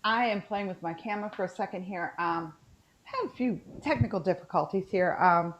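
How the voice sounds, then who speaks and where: A woman's voice: lowish voice, brisk, slight background noise. Chatty West Virginian woman, dull lo-fi. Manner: chatty, rambling, with frequent ums. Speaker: co-host. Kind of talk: casual chat on a video call.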